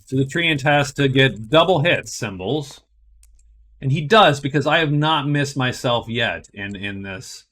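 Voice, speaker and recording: A man's voice: medium pitch, animated, measured pace, fairly bright tone. A man narrating a solo board game playthrough, thinking aloud and explaining each move step by step.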